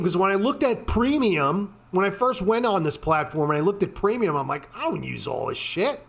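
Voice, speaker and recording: A man's voice: sits high, lively intonation, normal speed, creaky, fairly bright tone. Profane, ranting man walking through charts. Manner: profane, ranting, frequent swearing and fillers. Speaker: trading video host. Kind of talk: casual screen-share walkthrough.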